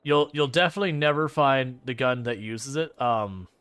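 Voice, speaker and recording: A man's voice: mid-range voice, moderate pace, a bit bright, clear, resonant tone. A man chatting casually while streaming a farming game, rambling, joking and laughing often. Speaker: gaming streamer. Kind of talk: casual gameplay commentary.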